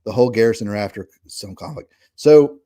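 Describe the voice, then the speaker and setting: A man's voice: medium pitch, normal speed, warm tone. A middle-aged man from Kentucky with a Southern accent, talking casually as a podcast co-host, folksy and earnest with restarts and tag questions. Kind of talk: casual political chat.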